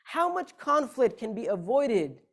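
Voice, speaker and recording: A man's voice: very high voice, sing-song, unhurried, gravelly. A man giving a Friday sermon in a mosque hall, speaking emphatically, asking rhetorical questions and shifting the stress between words. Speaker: preacher.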